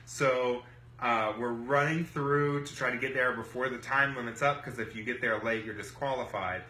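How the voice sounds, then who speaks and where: A man hosting his own vlog, telling a story in an animated way with many ums and uhs, in a roomy space with faint noise. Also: mid-range voice, moderate pace. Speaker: vlog host. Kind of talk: casual storytelling.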